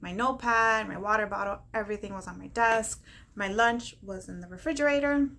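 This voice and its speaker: A woman with a bright, clear voice recounts a personal ordeal straight to camera in a lively vlog style. She acts out the dialogue of others along the way, laughs between lines, and turns to warm encouragement for her viewers. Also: mid-range voice, fairly quick. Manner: animated, acts out quoted dialogue, laughs often; encouraging, faith-filled pep talk. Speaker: vlogger telling her story.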